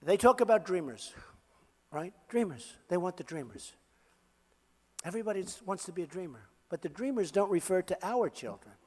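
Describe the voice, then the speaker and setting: A man's voice: high voice, lively intonation, moderate pace, a little mellow, slightly rough. Boastful older man speaking in an echoing hall. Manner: boastful, repetitive, off-the-cuff. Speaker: political candidate at a rally. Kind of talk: rally speech. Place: large rally hall. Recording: echoey rally hall reverb.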